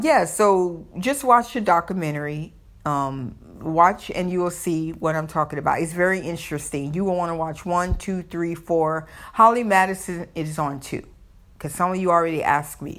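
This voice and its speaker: A woman's voice: fairly low pitch, a bit bright. Rambling Southern woman podcaster. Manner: rambling, repeats and restarts words. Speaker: podcast host. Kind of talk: casual solo podcast monologue.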